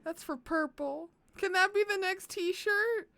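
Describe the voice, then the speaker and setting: High, lively young woman streamer. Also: normal speed, hardly any pauses, no room sound. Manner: excitable, swears a lot, dramatic outbursts. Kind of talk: live gameplay commentary.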